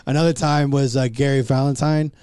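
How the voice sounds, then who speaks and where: A man's voice: medium pitch, a little fast, clean tone, no echo. A man who is a stand-up comedian, telling profane stories in a casual chat and acting out the people in them. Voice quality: profane, animated storyteller who acts out voices. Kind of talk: casual podcast chat among comics.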